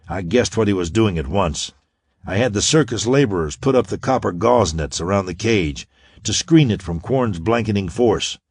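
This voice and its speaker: A man voicing a bold young space hero who talks calmly, grimly and with confidence. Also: on the low side, slightly rough, dry recording, clean studio sound. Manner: calm, grim and confident.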